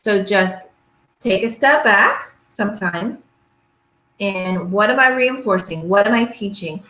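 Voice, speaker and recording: A middle-aged woman talks parents through a workshop in a loose, chatty way, pausing often to check they follow. Her voice sits at an ordinary middle pitch. The sound carries the echo of a bare room. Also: pushed and bright. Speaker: pediatric physical therapist teaching a parenting workshop. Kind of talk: casual workshop lecture. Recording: echoey room.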